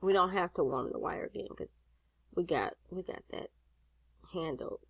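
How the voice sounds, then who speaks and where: A woman's voice: lowish voice, normal speed, creaky, breathy edge, dry recording, dull audio. A woman with a grandson, sassy and chatty, walks viewers step by step through a craft tutorial and swears casually. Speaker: jewelry-making instructor.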